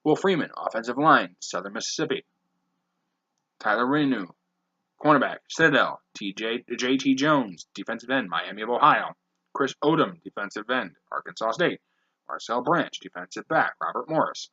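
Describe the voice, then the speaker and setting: A man hosting a podcast, briskly reading off a long list of names with blunt, profane asides. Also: mid-range voice, lively intonation, sharp tone, husky, lo-fi sound. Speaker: podcast host.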